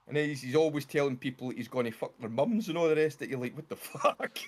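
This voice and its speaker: A man chats casually on a game livestream, an animated storyteller who swears freely. A faint hiss of noise sits under his voice. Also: mid-range voice, a little fast. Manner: animated storyteller, swears freely, laughs while retelling jokes. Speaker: streamer.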